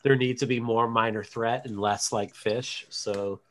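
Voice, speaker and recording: A man's voice: mid-range voice, fairly even intonation, a little slow, a bit bright. Joking male podcast host. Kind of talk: casual film discussion.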